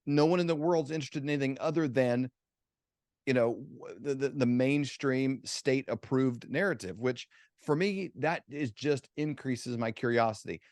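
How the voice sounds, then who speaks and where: A man's voice: mid-range voice, moderate pace, a little mellow, dry recording, clean studio sound. A man hosting a casual talk show, speaking in a rambling conversational way. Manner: conversational, rambling with fillers and restarts. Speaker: host.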